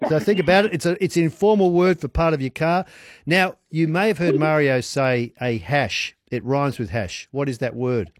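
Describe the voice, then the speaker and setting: A man's voice: a little high, normal speed, dry recording, studio quality. A man hosting a live radio call-in quiz, teasing callers playfully and laughing often.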